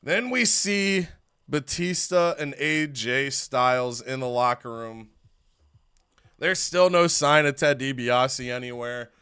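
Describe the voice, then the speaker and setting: A young man narrating a wrestling management game as an animated storyteller. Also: mid-range voice, slow pace, clear, resonant tone. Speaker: gaming youtuber. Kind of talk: let's-play storytelling narration.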